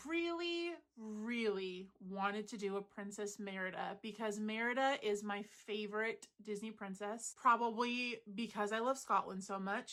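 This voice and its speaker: A woman's voice: on the high side, bright, forceful tone. A woman hosting a crochet channel, rambling in casual, meandering chat full of fillers, at home. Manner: chatty, meandering, lots of fillers.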